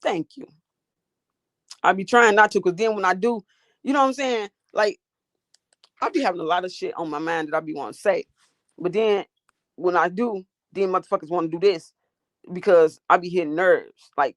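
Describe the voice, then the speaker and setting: A woman's voice: on the low side, moderate pace, pauses often, no room sound. A woman hosting a livestream from her phone, ranting at her chat in a profane, combative, sassy way. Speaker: livestream host. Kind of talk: casual live-chat rant.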